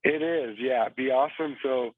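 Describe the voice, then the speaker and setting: Calling in from a cabin in Virginia, a former Marine tells stories with energy as a guest on a radio interview. His voice is mid-range at normal speed, with no echo, carried over a tinny phone line.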